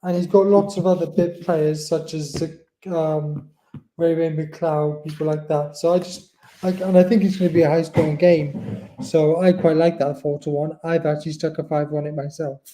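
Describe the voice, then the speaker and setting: A man's voice: on the high side, level tone, normal speed, warm tone, slight background noise. A man co-hosting a casual sports podcast, enthusiastic with hesitant starts. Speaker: podcast co-host. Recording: echoey room.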